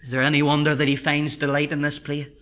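A man preaching a sermon with fervent emphasis, slowing down for scripture and dropping into quiet asides to the congregation. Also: a little high, completely flat delivery. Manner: emphatic, builds to fervent climaxes; drops to a quiet conversational aside.

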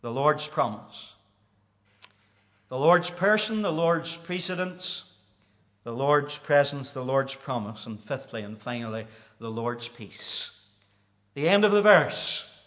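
A man preaching a sermon, reading scripture in a King James cadence and swelling into loud, high declamation. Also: slow pace.

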